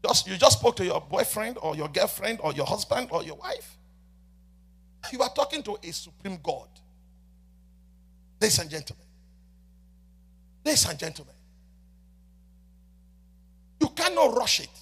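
High, gravelly preaching man, shouting. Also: sing-song, a little slow, long pauses. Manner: swings between shouting and soft murmured prayer; repeats "ladies and gentlemen" often. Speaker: prophet preaching. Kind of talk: sermon.

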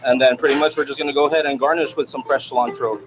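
A man's voice: medium pitch, fairly even intonation, rapid-fire, loud music behind the voice, rough recording. A man, a chef, casually walking through a dish step by step, a bit hesitant. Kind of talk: casual cooking demonstration.

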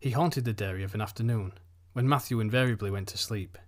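A man narrating a short story for an audiobook in an even, unhurried reading. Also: on the low side. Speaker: audiobook reader.

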